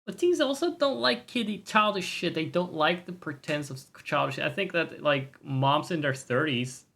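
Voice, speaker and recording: A man's voice: on the high side, lively intonation, moderate pace, creaky, pushed and bright. A man streaming live and reacting to a game trailer, ranting with opinions, swearing and mocking voices.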